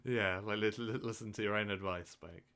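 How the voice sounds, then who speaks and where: A man's voice: fairly low pitch, fairly even intonation, brisk, sharp tone, clear, resonant tone. A man co-hosting a casual podcast who often restarts his sentences and fills them with "like". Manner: stammering restarts, frequent "like". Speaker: podcast co-host.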